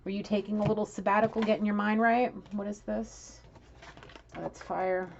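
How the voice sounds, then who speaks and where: A woman giving a casual tarot reading, blunt and profane, scolding and animated as she talks. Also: medium pitch, normal speed, vocal fry, muffled recording, slight background noise. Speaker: tarot reader.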